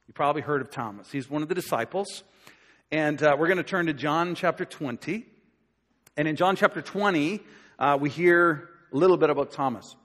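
A man preaching a sermon in a relaxed, conversational way, acting out quoted voices as he tells the story. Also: on the high side, a little fast. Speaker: pastor. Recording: long hall reverb.

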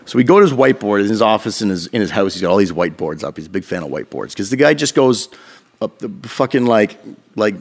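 A man rattles through a personal story on a casual podcast, acting out quoted dialogue between his own lines. He talks quickly and swears often, and his voice has a gravelly, fry-laden texture. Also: lowish voice, animated.

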